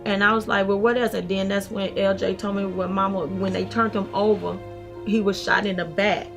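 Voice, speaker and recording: A woman's voice: mid-range voice, level tone, normal speed, gravelly, music in the background. A middle-aged woman, telling her story in a documentary interview and acting out what people said. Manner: vivid retelling, acting out past dialogue. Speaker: interviewee, mother of a shooting victim.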